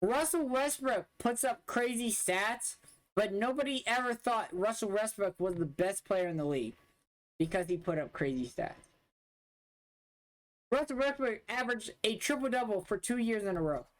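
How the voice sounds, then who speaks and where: High-voiced young man arguing bluntly. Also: expressive, moderate pace. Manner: blunt, dismissive, profane arguing. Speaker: streamer reacting to game footage. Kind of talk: casual livestream commentary.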